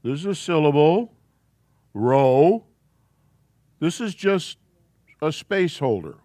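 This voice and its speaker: A man teaching a Hebrew alphabet class in a church classroom, explaining slowly and casually. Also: a little high, animated, a little mellow, dry recording, clean studio sound.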